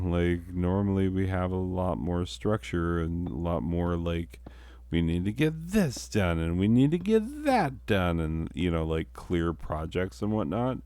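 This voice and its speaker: Slow, deep-voiced man rambling. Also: a little mellow, clear, resonant tone, no echo. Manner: rambling, profane, self-deprecating. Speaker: teacher and father. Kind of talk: casual confessional monologue.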